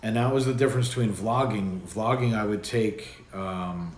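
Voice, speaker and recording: Man, fairly low voice, rambling casual livestream chat, echoey room, faint background hiss. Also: moderate pace, darkish tone. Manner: rambling, loose, with many fillers and restarts. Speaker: livestream host.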